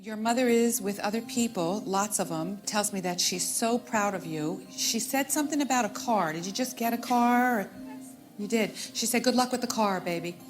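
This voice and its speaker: A woman's voice: medium pitch, moderate pace, over music. A woman working as a stage medium, addressing audience members one by one and calling them sweetheart and honey. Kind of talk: live audience reading.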